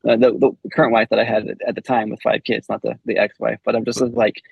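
A man's voice: medium pitch, flat delivery, quick pace, vocal fry, husky, no room sound, dull audio. A man in his forties, a podcast guest, candidly telling a personal story with frequent laughs and restarts.

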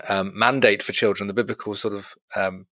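A man's voice: fairly low pitch, steady tone, brisk, bright, forceful tone, dry recording. A middle-aged man with a British accent, co-hosting a chatty podcast and laughing easily. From Britain. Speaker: podcast co-host. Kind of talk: casual chat.

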